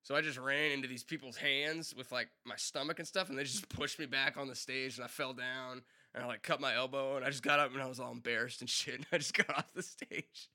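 A man's voice: mid-range voice, steady tone, fairly quick, few pauses, bright, forceful tone. A man in his mid twenties hosting a solo podcast, telling rambling stories in a laid-back way, swearing freely and laughing at himself. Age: mid 20s. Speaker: podcast host. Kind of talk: casual solo podcast storytelling.

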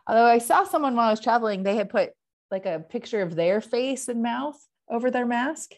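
A woman and parent talking casually about calming techniques, chatty and laughing often. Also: on the high side, brisk. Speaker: parent and therapist. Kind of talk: casual conversation.

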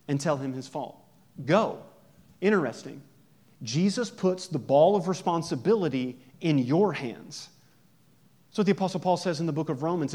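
A man's voice: on the high side, animated, moderate pace, a little mellow. A man pastor preaching a conversational sermon, joking and asking his listeners many questions.

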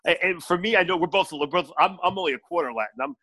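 Older comedian guy, kinda high voice, swears a ton, blunt and punchy. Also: fast talker, bright, forceful tone. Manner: blunt, profane, emphatic storytelling. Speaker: stand-up comedian, podcast guest. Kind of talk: casual podcast chat.

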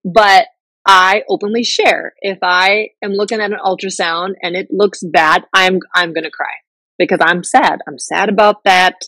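A woman's voice: mid-range voice, a bit bright, no echo, poor audio. A middle-aged woman hosting a podcast, talking openly and casually about her life, full of fillers and restarts. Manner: candid, chatty, many fillers and restarts. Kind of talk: casual personal talk.

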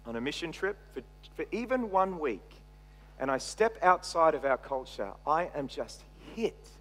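A middle-aged Australian man preaching a sermon, swinging between loud emphasis and quiet asides. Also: sits high. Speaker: pastor. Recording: long reverb from a large hall.

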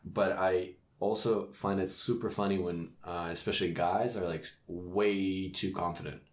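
Deep-voiced man, laughing, rambling chat. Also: steady tone, moderate pace. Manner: laughs often, self-mocking, rambling. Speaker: comedy show host. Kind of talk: casual podcast chat. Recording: echoey room.

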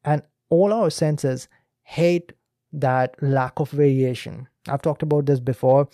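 Speaking slowly in a mellow, mid-range voice, a podcast host and speaking coach from India takes listeners through a video clip. He addresses them directly in a teacherly way, and the studio recording is clean with no room sound.

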